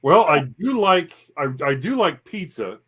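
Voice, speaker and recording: A man chatting as a guest on a livestream, halting and repeating words, with dry humor. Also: fairly high pitch, big pitch swings, fairly bright tone, husky. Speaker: guest reseller. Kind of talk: casual livestream chat.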